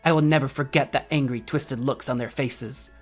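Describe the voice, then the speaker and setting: A man's voice: medium pitch, fairly even intonation, normal speed, faint music behind, lightly acted. A man putting on a haughty lady gambler with a fake French accent. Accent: bogus put-on French accent. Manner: lofty, self-satisfied, formal. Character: haughty young woman gambler, elegant and cold. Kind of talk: reading game dialogue aloud.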